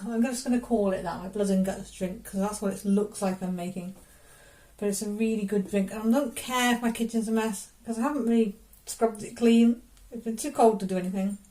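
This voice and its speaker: A woman's voice: medium pitch, brisk, dark tone, poor audio. A woman chatting casually as she films a cooking video in her home kitchen, rambling into self-deprecating asides. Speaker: vlogger.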